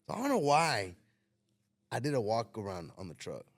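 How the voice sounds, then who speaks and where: A man's voice: fairly low pitch, wildly swooping pitch, normal speed, no room sound, clean studio sound. A man, hosting a casual talk show and telling a story, acting out the dialogue and swearing freely. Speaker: podcast host telling a story.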